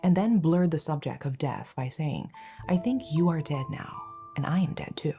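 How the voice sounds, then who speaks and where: A woman reading a scripted true-crime narration in an even, measured way. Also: low-pitched, soft background music. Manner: even, measured storytelling read.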